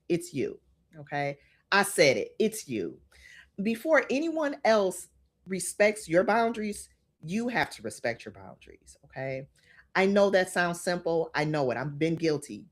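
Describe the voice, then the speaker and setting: Podcast host, woman, middle-aged, lowish voice that rises and falls widely, earnest and coaching. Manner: earnest, repeats "okay?" to the listener. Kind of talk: motivational talk.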